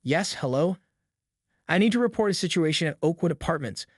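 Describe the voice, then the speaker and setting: A man's voice: a little high, lively intonation, a little fast, dry recording, studio quality. A man voicing a pushy, entitled woman neighbor who talks in a theatrical, demanding way in a storybook reading. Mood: indignant.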